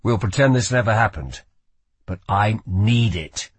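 A man's voice: fairly low pitch, lively intonation, unhurried, husky, no room sound. A man voicing a young male magician in an audiobook, matter-of-fact and urgent. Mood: earnest. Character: bound young male magician, earnest and strained. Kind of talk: audiobook character voice.

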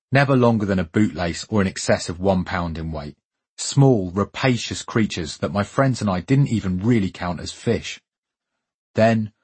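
A man's voice: fairly low pitch, slightly rough. A man reading a scripted first-person memoir story in a wry, vivid way with dramatic pacing.

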